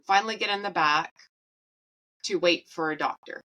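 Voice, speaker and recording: A woman's voice: lowish voice, moderate pace, sharp tone, low-quality recording. A woman in her thirties hosting a podcast, telling a personal story in a blunt, profane, casual way and laughing at her own jokes. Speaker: podcast host.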